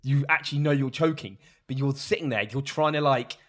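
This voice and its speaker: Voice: medium pitch, fairly quick. A podcast co-host from Jersey chatting casually and profanely, rambling through stories with lots of fillers. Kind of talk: casual chat.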